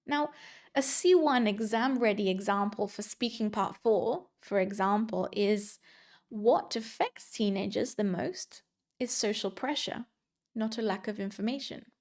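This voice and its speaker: A woman teaching a scripted English grammar lesson, speaking clearly and slowing down to read out example sentences. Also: mid-range voice, a little mellow.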